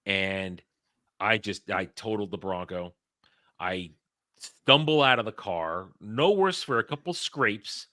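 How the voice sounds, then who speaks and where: A man casually telling a story as a podcast host, profane and animated, with frequent restarts. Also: fairly low pitch, takes it slowly, no room sound.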